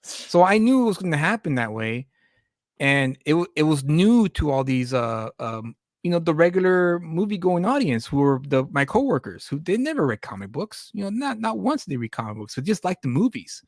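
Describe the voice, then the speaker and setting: A man's voice: a little high, sing-song, moderate pace, dry recording, studio quality. A man hosting a casual live-stream chat, rambling and restarting his sentences with repeated words. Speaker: podcast host and comic creator.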